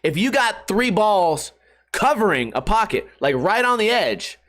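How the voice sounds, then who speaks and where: A man's voice: high voice, big pitch swings, a little slow, a bit bright. A man hosting a casual solo podcast, rambling and swearing, laughing at his own jokes and putting on voices for quotes. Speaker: podcast host.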